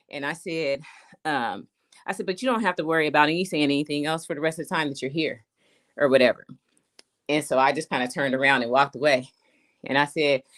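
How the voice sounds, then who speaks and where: Her voice sits low with a slight brightness as she tells a story on a live stream, blunt, emphatic and chatty, often asking "you know what I'm saying." It's a casual storytelling rant.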